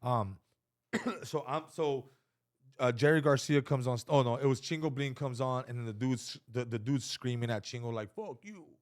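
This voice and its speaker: A man's voice: medium pitch, normal speed. A male comedian telling stories in casual podcast chat, acting out the quotes with lots of swearing. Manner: animated storyteller who acts out quotes, swears freely. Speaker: comedian guest.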